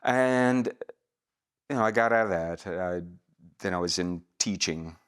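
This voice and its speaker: A middle-aged man from Atlanta, Georgia, working as a voice actor, telling stories in a relaxed way in a casual interview and laughing easily. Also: low voice, unhurried, clear, resonant tone. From Atlanta, Georgia, USA. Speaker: guest, voice actor.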